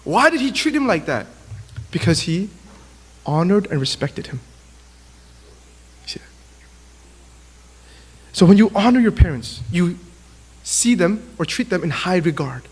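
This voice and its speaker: Man, high-pitched, youth sermon, animated storyteller, big reverberant hall. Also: measured pace, long pauses, husky. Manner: animated storytelling, acts out quotes. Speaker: youth speaker. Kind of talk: sermon to young people.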